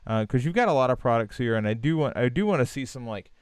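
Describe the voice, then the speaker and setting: A man hosting a live stream, giving relaxed, encouraging design feedback with many fillers and restarts. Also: medium pitch, quick pace, smooth, dry recording. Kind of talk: casual live-stream critique.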